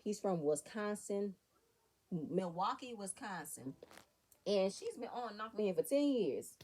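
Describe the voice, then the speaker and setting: A woman's voice: mid-range voice, big pitch swings, measured pace, a little mellow. A woman giving a sassy, opinionated recap of a reality TV episode, talking straight to her viewers. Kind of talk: casual commentary.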